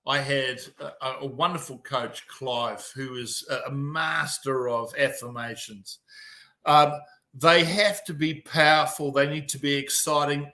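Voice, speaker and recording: Blunt, swearing New Zealand man. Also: a little high. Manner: blunt, heavy swearing, animated storytelling. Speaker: mental performance coach, guest. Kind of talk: casual podcast conversation.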